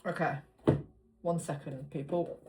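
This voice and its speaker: A woman's voice: low voice, steady tone, measured pace, darkish tone, a little hiss or hum. A woman giving a casual tarot reading to viewers, chatty and blunt, swearing freely as she draws cards. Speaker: tarot reader.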